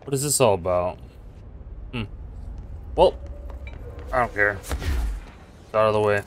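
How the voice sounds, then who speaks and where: A man's voice: fairly low pitch, measured pace, slight background noise. A man giving casual let's-play commentary, goofy, taunting enemies and slipping into silly voices. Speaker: streamer. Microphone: USB condenser mic. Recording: voice over game music. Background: game music.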